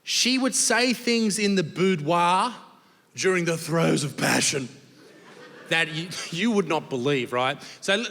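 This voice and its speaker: Brash Australian comedian in a hall. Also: male voice, a little high, expressive, takes it slowly, vocal fry, fairly bright tone. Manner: crude, brash storytelling with swearing. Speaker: stand-up comedian. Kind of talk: stand-up comedy set. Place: comedy venue with live audience. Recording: live hall reverb, faint noise.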